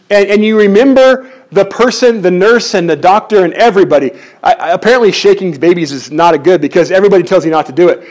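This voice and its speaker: Man, high voice, pastor, church sermon, animated, humorous asides, repeated restarts. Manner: animated, jokey, many quick restarts.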